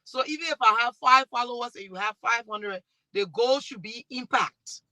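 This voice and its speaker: A woman with a Liberian accent, speaking on a discussion panel and telling stories in a lively way with many restarts. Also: a little high, normal speed, rough recording. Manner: animated storytelling with restarts. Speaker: talk show host and panelist.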